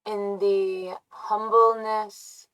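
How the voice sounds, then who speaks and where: A woman live streaming from a dark room, chatting casually, musing and often laughing or humming to herself. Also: medium pitch, level tone, drawn-out words, clean tone. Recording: voice from far off the mic.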